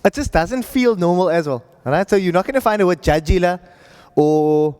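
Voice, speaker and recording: A man's voice: high-pitched, expressive, normal speed, darkish tone, clean tone, in a large hall. A man teaching an Arabic reading class, talking patiently and checking in with his students often. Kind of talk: classroom lesson.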